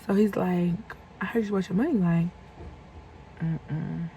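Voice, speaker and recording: A woman's voice: mid-range voice, quick pace, dark tone, slight background noise, low-quality recording. A young woman in her twenties telling a casual storytime, animatedly acting out both sides of a conversation. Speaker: vlogger.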